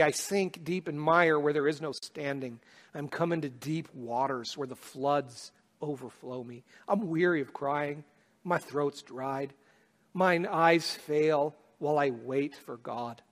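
A man preaching a sermon, his voice pitched high for a man. He moves from hushed, reflective passages to loud, impassioned exhortation. His words ring out with a long reverb, as in a big hall. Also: a little slow. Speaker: pastor.

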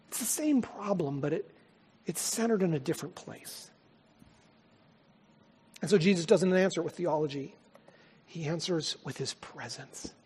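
Male pastor, high husky voice, emphatic preacher who swings from loud to hushed, long hall reverb. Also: normal speed, long pauses. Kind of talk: sermon.

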